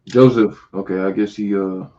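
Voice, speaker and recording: A man co-hosting a podcast, handling callers in a flat, matter-of-fact way. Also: deep voice, a little slow, highs cut off. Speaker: podcast co-host taking callers.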